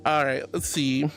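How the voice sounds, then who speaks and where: A man's voice: on the high side, gravelly. A young man streaming, reading chat messages aloud in an affectionate, theatrical way, calling viewers honey and sweetie.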